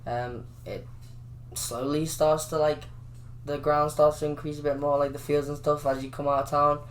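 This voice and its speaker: A man's voice: on the high side, little pitch movement, moderate pace, a little hiss or hum. A young man from Liverpool with a Scouse accent, a guest chatting casually and rambling with lots of "like". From Liverpool, England. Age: young adult. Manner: rambling, heavy use of "like". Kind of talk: casual interview chat.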